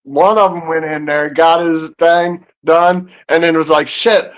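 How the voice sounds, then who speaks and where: A man telling a casual anecdote in an animated way. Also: fairly high pitch, unhurried. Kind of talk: casual storytelling.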